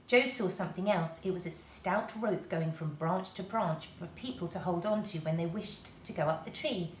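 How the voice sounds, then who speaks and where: A woman, a teacher, reading a children's storybook aloud to her class in a lively, expressive way. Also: lowish voice, normal speed, slight background noise. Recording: roomy echo.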